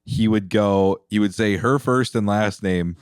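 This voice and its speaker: Give me a low-voiced young man telling loose stories on a podcast, dry and close to the mic. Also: measured pace, smooth, no echo. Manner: loose storytelling, laughs through lines, says "dude" a lot. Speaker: podcast co-host. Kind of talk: casual chat.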